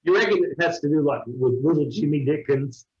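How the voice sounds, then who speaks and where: A man with an Oklahoma accent interviewing a coworker with quick-fire questions, joking and laughing often. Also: fairly high pitch. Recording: roomy, dull lo-fi sound.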